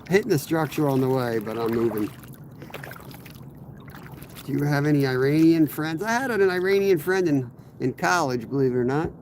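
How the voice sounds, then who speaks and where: A man, hoarse from a cold, chatting casually to live viewers while fishing from a kayak on a river, rambling and greeting people by name. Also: mid-range voice, background noise. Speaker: fishing streamer.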